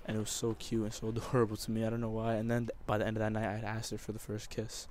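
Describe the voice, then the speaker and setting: A man's voice: lowish voice, completely flat delivery, racing, darkish tone, slight background noise. A young man telling a personal story over gameplay commentary, emotional and rambling, with many restarts. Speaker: gamer.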